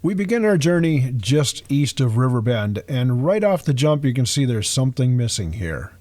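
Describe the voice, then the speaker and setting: A man at a mid pitch talks through a game tour in a loose, rambling way, full of uhs and small self-mocking chuckles. The recording is dry and close, with no room sound. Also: sing-song, normal speed, a little mellow, no echo. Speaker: video game streamer. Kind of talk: casual gameplay walkthrough commentary.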